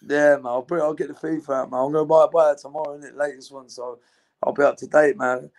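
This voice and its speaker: A young man talks in a relaxed, rambling, laddish way. His voice sits a little high and has a gravelly, creaky edge. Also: fast talker, crowd noise. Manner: laddish banter, loose and rambling. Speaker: interviewee. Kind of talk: casual chat.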